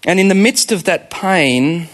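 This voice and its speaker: Australian pastor, 30s, high voice, animated sermon delivery, keeps questioning the room. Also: male voice, a little slow. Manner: animated, asks the congregation rhetorical questions, laughs often.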